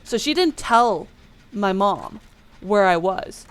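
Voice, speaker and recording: A woman's voice: mid-range voice, expressive, takes it slowly, clean tone. A woman telling a childhood story in a rambling, casual way while playing a game, with many fillers. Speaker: gaming channel host.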